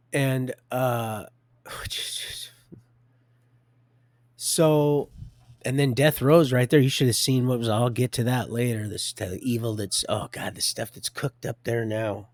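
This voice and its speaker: Fifties male streamer, rambling life-story teller with a middle pitch, dry recording. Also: fairly even intonation, takes it slowly, pauses often, no echo. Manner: rambling, stops and restarts, chuckles a lot. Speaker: live streamer telling his life story.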